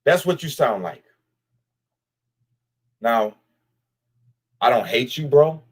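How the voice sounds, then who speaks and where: A man's voice: medium pitch, lively intonation, takes it slowly, slightly rough. A man delivering a blunt, profane commentary straight to camera, addressing someone directly and repeating lines for emphasis. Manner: blunt, profane, speaks straight to the person he criticizes. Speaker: vlogger.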